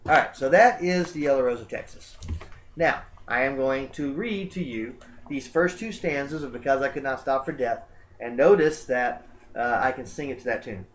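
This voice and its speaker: Relaxed man giving a literature lecture. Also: mid-range voice, moderate pace, slight background noise. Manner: relaxed, conversational, frequent "uh" fillers. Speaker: college English instructor. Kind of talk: recorded lecture.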